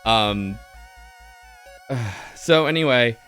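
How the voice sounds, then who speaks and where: Man, streamer, rambling movie rant, sardonic, middle-pitched voice, faint music behind. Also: animated, very slow, a bit bright. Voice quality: rambling with many fillers and restarts, sardonic. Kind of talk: casual rambling movie review.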